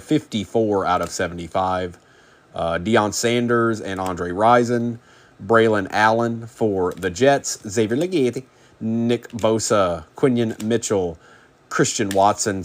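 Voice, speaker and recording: Male card-break host, lower pitch, relaxed chatty delivery with quick name rundowns. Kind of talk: casual live card-break commentary.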